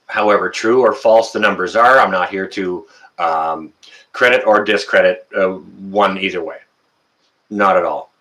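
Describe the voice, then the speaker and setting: On poor audio, a middle-aged Canadian man with a Canadian accent rambles chattily through comments on his casual live stream, using many "uh" fillers. His voice sits on the low side and sounds bright and forceful.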